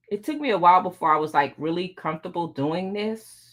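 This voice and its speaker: Brisk and with few pauses, a quilting channel host talks in a fairly low, fairly bright voice. The middle-aged woman chats away to her viewers while sewing during a casual live tutorial.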